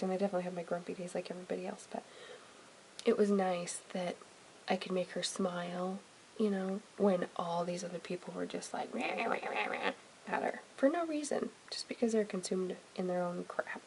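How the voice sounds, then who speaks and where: A woman's voice: on the low side, steady tone, fairly quick, gravelly, slight background noise, rough recording. A woman chatting casually to camera from a home closet for her family vlog, rambling with plenty of "um" and "you know". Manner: chatty, frequent "um" and "you know", drifting softer. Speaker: family vlogger.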